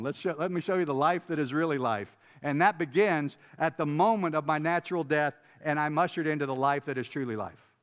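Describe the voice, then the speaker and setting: Emphatic preacher in a reverberant hall. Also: male voice, high voice. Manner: emphatic, repeats words, chuckles, asks the audience. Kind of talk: conversational sermon teaching. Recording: long reverb of a large hall.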